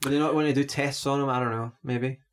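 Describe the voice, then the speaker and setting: A man's voice: mid-range voice, fairly even intonation, quick pace. Laid-back, wry man discussing a film. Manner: laid-back and wry, thinks aloud with restarts. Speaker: podcast co-host. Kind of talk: casual film critique chat.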